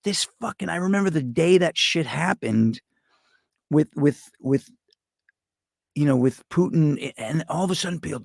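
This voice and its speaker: A man's voice: on the high side, moderate pace, creaky, dry recording, studio quality. A middle-aged man, hosting a show with a rambling, profane, sarcastic comedic rant. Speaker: podcast host.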